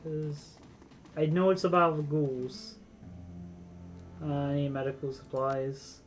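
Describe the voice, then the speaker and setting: A man's voice: a little high, steady tone, slow pace, soft background music. A man streaming a video game, chatting casually and rambling as he plays. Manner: rambling, chatty, frequent fillers. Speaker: vtuber streamer. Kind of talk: casual gameplay commentary.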